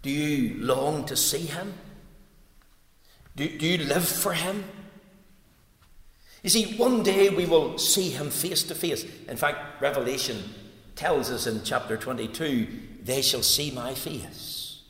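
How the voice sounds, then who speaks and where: Male preacher, higher voice, booming hall reverb, emphatic sermon delivery. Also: slow, long pauses. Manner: fervent, swings from loud emphatic cries to low earnest tones. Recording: echoey hall sound.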